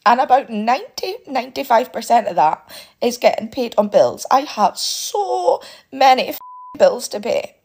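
A woman's voice: on the high side, very animated, normal speed, a little mellow, breathy edge. A British woman, a single parent, venting to camera on a phone about bills, upset and clipping off her swear words. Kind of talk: emotional vent to camera.

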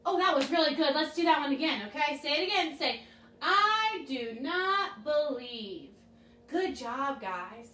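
A woman leading children's chapel, telling a Bible story and slowly modeling lines for the kids to repeat. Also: high-pitched, expressive, fairly bright tone, a little hiss or hum. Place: room with air freshener. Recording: echoey room, mic at a distance.

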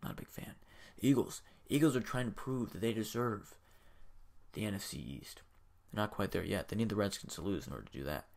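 A young man hosting his own video, making casual sports predictions with hyped, energetic bursts. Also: lowish voice, fairly quick, gravelly. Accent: says he has a strange accent. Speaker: video host.

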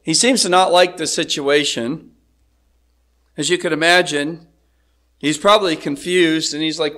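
High-voiced male pastor preaching. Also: steady tone, unhurried, long pauses, bright, forceful tone. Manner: conversational, asks the congregation "right?". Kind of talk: expository sermon.

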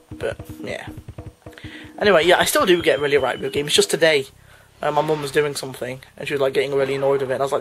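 Rambling young British man over game music. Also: on the high side. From Britain. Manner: rambling, self-correcting, laughs at himself. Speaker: let's play commentator. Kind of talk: casual gameplay commentary.

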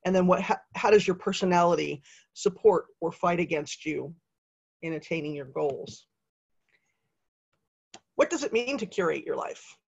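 A woman's voice: on the low side, lo-fi sound. A middle-aged woman giving a webinar in a conversational, upbeat way, with frequent fillers. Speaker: webinar presenter. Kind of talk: presenting a webinar.

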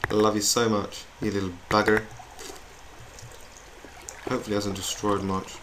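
A man's voice: lowish voice, little pitch movement, normal speed, fairly bright tone. Chatty young man gaming. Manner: chatty, rambling, self-mocking. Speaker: gamer. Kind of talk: gameplay commentary. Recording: noisy home recording with keyboard clicks.

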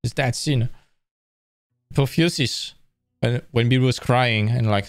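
A man's voice: mid-range voice, unhurried, dry recording, clean studio sound. A man presenting a live-streamed lecture, explaining in a casual, enthusiastic way with frequent restarts.

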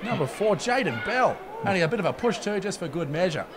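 A man giving fast, jokey play-by-play commentary on a rugby league match from a commentary box. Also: sits high. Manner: rapid, excitable, jokey play-by-play. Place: commentary box at an outdoor ground. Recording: loud crowd and outdoor noise.

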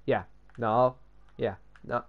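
A man's voice: mid-range voice, fairly even intonation, slow pace, dull audio. A young man giving casual gameplay commentary while building, sweary and sarcastic, often muttering to himself. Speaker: gamer building in a block game.

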